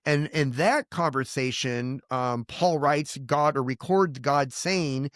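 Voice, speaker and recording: A man's voice: medium pitch, slow, hardly any pauses, fairly bright tone, no echo, studio quality. A man in his fifties, a pastor, telling his personal testimony in an earnest, rambling way, full of restarts and quoted prayers. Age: 50s. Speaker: pastor and guest.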